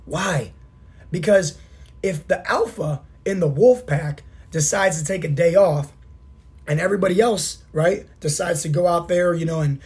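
A man in his thirties with a hoarse, sore throat hosting a motivational fitness podcast, talking emphatically and asking rhetorical questions. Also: fairly high pitch, a little mellow. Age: 30s. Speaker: podcast host and fitness coach.

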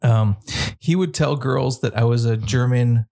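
Gravelly man telling a halting anecdote. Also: medium pitch, dark tone. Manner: halting, self-deprecating. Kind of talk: casual anecdote.

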